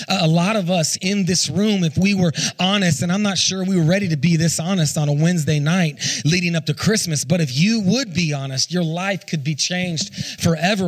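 A man's voice: high-pitched, a bit bright. A man in his thirties preaching a sermon as a pastor, often stumbling over and repeating his words and putting questions to the congregation.

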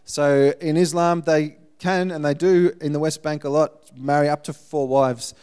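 Smooth, higher-voiced man telling a testimony. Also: measured pace. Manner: lively, acts out the people in his story. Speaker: guest speaker, missionary. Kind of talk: storytelling sermon testimony.

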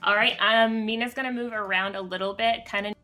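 A woman's voice: mid-range voice, fairly even intonation, brisk, sharp tone. A woman playing a tabletop game, talking casually with some hesitant fillers. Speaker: player.

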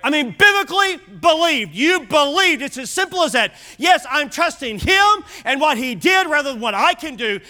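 A man's voice: extremely high pitch, sing-song, normal speed, hardly any pauses, pushed and bright. A man preaching an evening sermon as pastor, emphatic and repeating key phrases. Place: church service.

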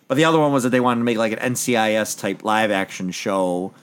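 A man's voice: fairly low pitch, fast talker, clean tone. A man hosting a podcast in casual chat, telling stories in a chatty, rambling way. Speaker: podcast host.

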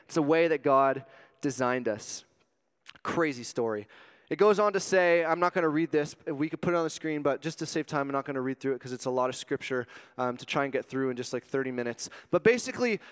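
A man preaching a sermon as a youth pastor, animated and joking, swinging between loud exclamations and hushed asides. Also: on the high side, clean tone. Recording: long reverb of a hall.

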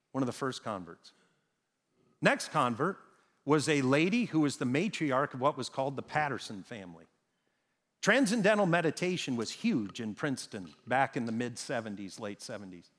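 A man preaching a sermon, telling a story with emphatic, dramatic pauses. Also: medium pitch, big pitch swings, a bit bright. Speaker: pastor. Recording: reverberant hall sound.

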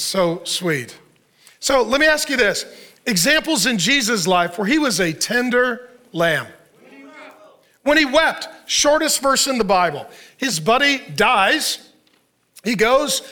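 A man's voice: extremely high pitch, sharp tone. A man preaching a sermon as pastor, punchy and joking, firing rhetorical questions at the audience.

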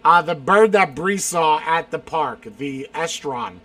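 A man quickly answering rapid-fire either-or questions in a casual chat, swearing freely and now and then shouting or laughing. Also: a little high. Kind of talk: casual chat, lightning round.

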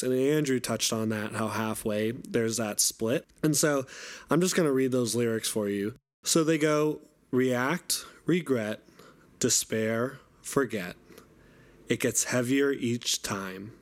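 A man co-hosting an album review podcast, speaking at an even middle pitch. He thinks aloud in an earnest, rambling way. His delivery stays casual and warm-hearted in its enthusiasm. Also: smooth. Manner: earnest, thinks aloud with many "like" and "I mean" fillers. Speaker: podcast co-host and youth group teacher. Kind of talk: casual music review chat.

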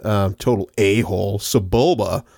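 A man's voice: lowish voice, normal speed, creaky, a little mellow, no room sound, clean studio sound. A man co-hosting a casual movie-recap podcast, laid-back and slangy, laughing often. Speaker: podcast co-host. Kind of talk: casual chat.

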